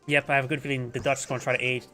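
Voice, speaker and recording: A man's voice: mid-range voice, little pitch movement, very fast, pushed and bright, faint music behind. A man with a stuffy, congested nose giving casual live commentary on a strategy game, thinking aloud and correcting himself as he goes. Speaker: game caster.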